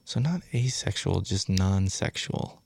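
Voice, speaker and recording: Male radio host, low voice, dry studio sound, loose and self-mocking banter. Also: lively intonation, unhurried, gravelly, a little mellow, breathy edge, no room sound. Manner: joking, self-mocking announcer. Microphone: studio microphone.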